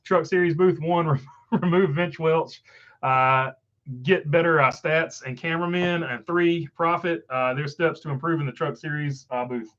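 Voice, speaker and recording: A man's voice: on the high side, normal speed, fairly bright tone, dull audio. A man with a Southern country accent hosting a casual live stream, reading viewer comments with lots of "uh" fillers. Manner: filler-heavy, rambling, frequent uh.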